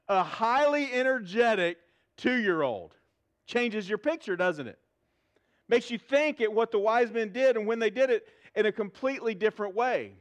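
High-voiced animated pastor preaching. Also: male voice. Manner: animated, humorous storytelling with audience questions. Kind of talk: sermon. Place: church auditorium before a live audience.

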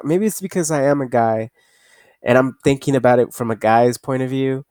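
A man's voice: mid-range voice, darkish tone, clean tone, dry recording. Rambling, profane young man podcaster. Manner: rambling, profane, laughs at himself, reads haltingly. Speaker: podcast host. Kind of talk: casual rambling commentary.

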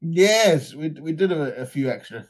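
A man co-hosting a podcast in easygoing chat, unhurried in his delivery. His voice sits a little high and swings widely in pitch, and he keeps dissolving into giggles. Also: expressive. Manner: giggly, breaks into high laughs. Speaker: podcast co-host.

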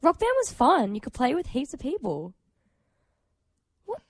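A woman's voice: high voice, wildly swooping pitch, unhurried, dry recording, clean studio sound. A young woman hosting a podcast, teasing her guest and laughing often in casual chat. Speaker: podcast host.

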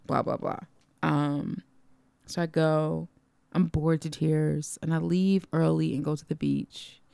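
A woman with a low, gravelly voice tells a personal story in loose, casual chat. She swears freely and jumps into the voices of the people she quotes. The sound is close and dry. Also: slow, dry recording. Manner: animated, profane, acts out quoted dialogue.

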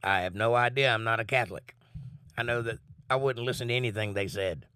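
A man teaching a Bible study, reading scripture aloud slowly and emphatically, then breaking in with blunt asides. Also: mid-range voice, sharp tone, clear, resonant tone, no echo, studio quality.

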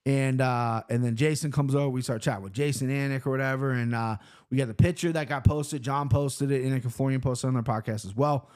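A man's voice: medium pitch, fairly even intonation, brisk, few pauses, darkish tone. Rambling, profane man from Cincinnati. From Cincinnati, Ohio, US. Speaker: vlogger. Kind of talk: casual storytelling recap.

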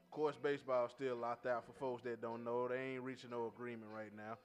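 Podcast host: man, mid-pitch voice, easygoing rambling sports chat. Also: level tone, fairly quick. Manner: easygoing, repeats "man" and "you know what I'm saying".

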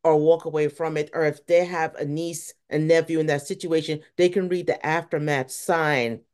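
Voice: medium pitch, fairly even intonation, moderate pace, darkish tone, smooth. An interview host who asks questions and encourages the guest, often saying "mm-hmm.". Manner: encouraging, frequent "mm-hmm" backchannels.

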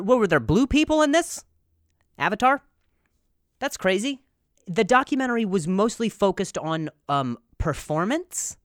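A man's voice: mid-range voice, no room sound, studio quality. A man in his twenties hosting a solo comedy podcast, rambling, stammering and poking fun at himself. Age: 20s. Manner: rambling, stammering and self-deprecating. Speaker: podcast host.

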